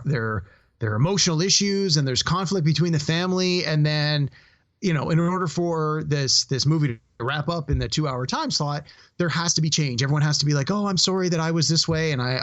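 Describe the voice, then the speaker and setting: A man's voice: a little high, a bit bright, muffled recording. A man co-hosting a podcast, giving his frank opinion of a movie in casual chat, with some hesitant restarts. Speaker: podcast co-host.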